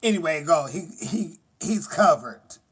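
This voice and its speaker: Lively, expressive host chatting on a livestream. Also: male voice, on the high side, a little slow, slightly rough. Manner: animated, talks to viewers directly, swings between loud outbursts and soft murmurs. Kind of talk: casual livestream chat.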